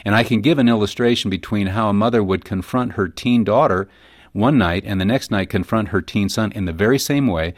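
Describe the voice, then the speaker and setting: Guest man, low voice, animated storyteller, dry studio read. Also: fairly quick, no room sound. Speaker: guest author on parenting. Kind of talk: radio interview.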